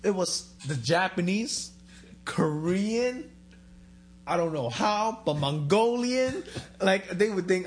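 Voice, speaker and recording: A man's voice: high voice, slow pace, a little hiss or hum. A man chatting casually, telling an anecdote and acting out the voices of people in it. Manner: animated, acts out quoted exchanges. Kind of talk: casual chat, storytelling.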